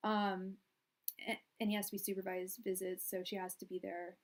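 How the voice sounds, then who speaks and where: A young woman giving a live tarot reading in a casual, meandering way. Her voice sits at a middle pitch. She circles back on her words and pushes her voice out to be heard. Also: flat delivery, quick pace. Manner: casual, rambling, many fillers and restarts; projecting loudly so the audio carries. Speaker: tarot reader.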